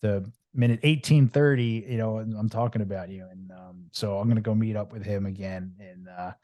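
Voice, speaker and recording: A middle-aged man, a podcast guest telling his story in a rambling, animated way, with many fillers and restarts. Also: on the low side, a little fast, dry recording, dull audio. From Long Island, New York. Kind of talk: candid storytelling interview.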